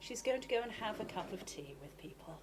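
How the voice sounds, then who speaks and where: A woman's voice: mid-range voice, animated, brisk, background noise. A woman playing a tabletop game, describing her character in a playful, chatty way. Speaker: player.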